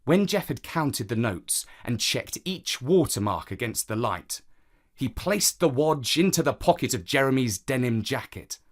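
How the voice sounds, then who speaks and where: A man narrating a children's story in a measured, expressive reading. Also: medium pitch.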